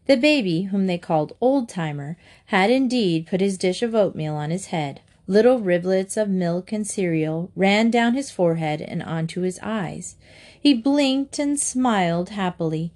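A woman narrates a children's storybook with lively expression, using a mid-range voice at a moderate pace.

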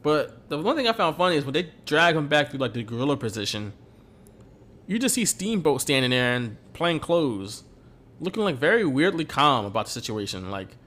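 A man's voice: on the high side, sing-song, normal speed, a bit bright. A man hosting a podcast who tells stories animatedly and laughs often. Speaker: podcast host. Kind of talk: casual chat recapping wrestling.

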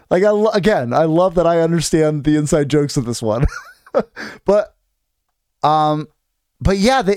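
A rambling, talkative man recaps a book on a podcast in a fairly high voice. He keeps restarting his sentences and reads bits of the text aloud. The sound is close and dry. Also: a little mellow, no room sound. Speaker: podcast co-host. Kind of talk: casual chat recapping a book.

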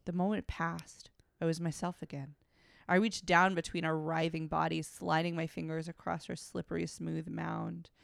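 Brief: woman co-host with a low, gravelly voice, dry close-mic sound, reads a story aloud with blunt wry asides. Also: little pitch movement, moderate pace, dry recording. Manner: breaks off from reading to make frank, wry asides. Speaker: podcast co-host. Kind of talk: reading fiction aloud with commentary.

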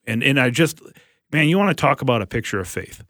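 A pastor in casual podcast conversation, speaking earnestly and haltingly with frequent restarts. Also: male voice, medium pitch, sing-song, creaky, a bit bright, dry recording, studio quality.

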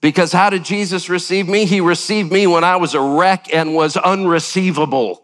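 An older man preaching a sermon as pastor, animated, with sudden jumps up in pitch and acted-out quotes. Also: moderate pace.

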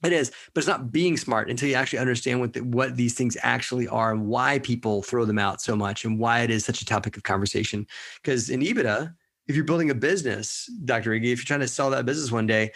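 A man's voice: medium pitch, quick pace, fairly bright tone, dry recording. A man with a Southern US accent co-hosts a podcast in casual, jokey chat. He restarts and repeats words as he explains. The mic sound is close and dry. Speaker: podcast co-host.

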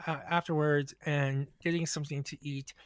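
A man's voice: on the high side, flat delivery, moderate pace, clear, resonant tone, dry recording, studio quality. A man casually telling a long anecdote on a podcast, acting out both sides of the dialogue. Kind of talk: casual storytelling.

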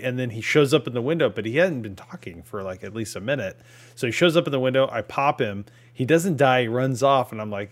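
A man co-hosting a gaming podcast, recounting game encounters in casual chat and laughing as he jumps to high voices for other players. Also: fairly quick. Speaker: podcast co-host.

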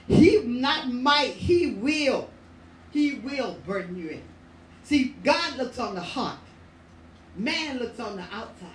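Woman preacher, emphatic and repetitive, higher voice, recorded far off in a roomy church. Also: a little hiss or hum. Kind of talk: sermon. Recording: echoey room, voice from far off.

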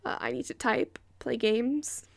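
A woman's voice: fairly high pitch, unhurried, creaky, no echo. A young woman hosting a casual podcast from a hot bedroom close to her microphone, ranting with sarcasm and profanity and sometimes dropping to a whisper. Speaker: podcast host.

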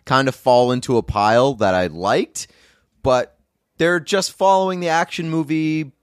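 A man's voice: medium pitch, unhurried, smooth, no echo, studio quality. A man hosting a podcast in casual chat, rambling with lots of fillers and easy swearing. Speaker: podcast host.

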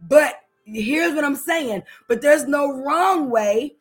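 A middle-aged woman preaching a sermon, chatty and lively, laughing often and swinging from loud to hushed. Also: sits high, takes it slowly, faint music behind. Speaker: minister.

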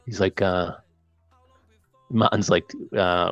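A man's voice: low-pitched, a little fast, dry recording, highs cut off, soft background music. A man co-hosting a podcast, casually recapping a film scene by scene and acting out the characters' lines as he goes. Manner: animated retelling with quoted dialogue. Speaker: podcast co-host.

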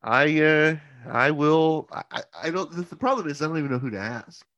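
A man who works in church leadership, chatting casually and telling animated stories, swearing freely and laughing often. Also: on the high side, fairly quick, no echo, dull audio. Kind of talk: casual chat, storytelling.

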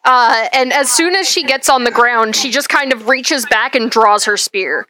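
A woman narrating a tabletop game as game master, in a relaxed, hesitant way. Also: fairly high pitch, normal speed, dry recording, poor audio.

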